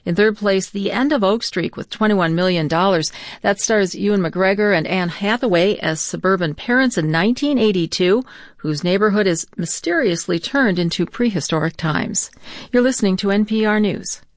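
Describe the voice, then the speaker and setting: A female newscaster reading box office headlines in a measured, crisp way. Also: mid-range voice, dry recording, studio quality. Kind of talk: news reading.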